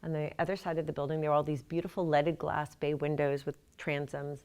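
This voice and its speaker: A woman's voice: low-pitched, flat delivery, brisk, darkish tone, smooth. A middle-aged woman author giving a casual, chatty talk to a library audience, self-deprecating and laughing at her own jokes. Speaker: author speaking at a library event.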